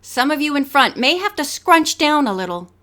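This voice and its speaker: Brief: easygoing man behind the camera, read by a woman narrator, high voice. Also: very animated, normal speed, sharp tone, exaggerated voice. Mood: instructive. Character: bearded male photographer, easygoing.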